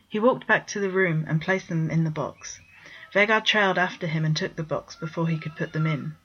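A low-voiced woman reads a story aloud in plain, steady narration. The sound is dull and lo-fi, like a home recording. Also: normal speed, slightly rough. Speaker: story reader. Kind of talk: reading fan fiction aloud.

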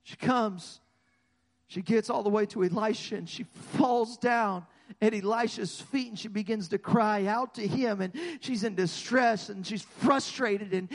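A man's voice: sits high, a little slow. A man preaching a sermon as a story, passionate and often repeating words as he builds. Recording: long hall reverb.

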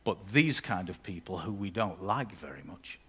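A man's voice: low-pitched, lively intonation, moderate pace, fairly bright tone, breathy edge. A man preaching a sermon as pastor, conversational and with playful asides.

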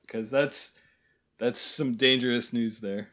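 A man with an ordinary mid-range voice, co-hosting a film podcast. He delivers dry, deadpan jokes and trails into hesitant restarts as he gathers his thoughts. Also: mid-range voice, measured pace. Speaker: podcast co-host. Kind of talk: casual film review chat.

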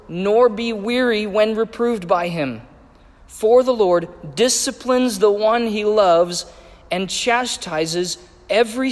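Slow, high-voiced preacher in a hall. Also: male voice. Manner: measured, emphatic reading of scripture. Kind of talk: sermon. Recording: echoey hall with long reverb.

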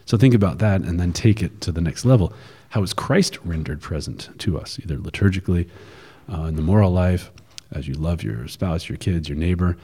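Low husky guy chatting casually, tells stories, reverby hall sound. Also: a little fast. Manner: storytelling, animated quoted asides. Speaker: podcast co-host. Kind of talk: casual conversational chat.

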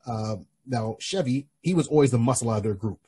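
A man's voice: mid-range voice, expressive, brisk, dark tone, husky. A man hosting a podcast, casually and animatedly retelling a comic book story with many restarts. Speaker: podcast host. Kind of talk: casual chat.

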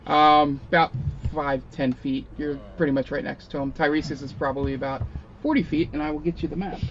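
A man's voice: a little high, fairly even intonation, brisk, fairly bright tone, muffled recording, slight background noise. A man narrating as game master at a tabletop game, loose and rambling with many fillers.

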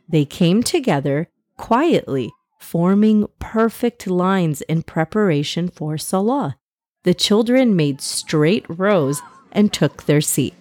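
In a gentle, even storytelling manner, a woman reads a children's story aloud. Her voice is on the low side, and there is no echo.

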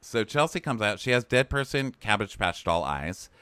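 Podcast co-host, man, lively swooping delivery, snarky, dry close mic. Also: lowish voice, normal speed, clear, resonant tone, dry recording. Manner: animated, sarcastic, mimics people in put-on voices. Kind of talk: casual comedic recap chat.

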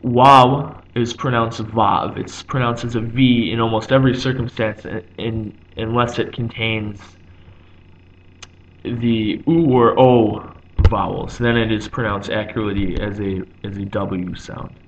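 Man explaining with many pauses. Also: on the low side, flat delivery, dull audio. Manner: thinking aloud, with frequent ums and restarts. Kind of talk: unscripted explanation.

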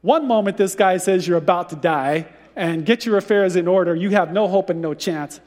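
High-voiced pastor preaching in a reverberant hall. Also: male voice, normal speed. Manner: storytelling, animated retelling with conversational asides. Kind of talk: sermon. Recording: long reverb of a large hall.

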